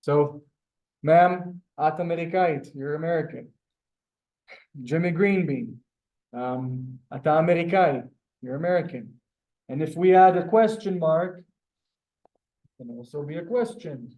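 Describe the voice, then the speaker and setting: A man's voice: fairly high pitch, normal speed, long pauses, poor audio. Chatty man teaching on a video call. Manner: relaxed, chatty, many fillers and restarts. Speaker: Hebrew teacher. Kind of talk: casual online class teaching.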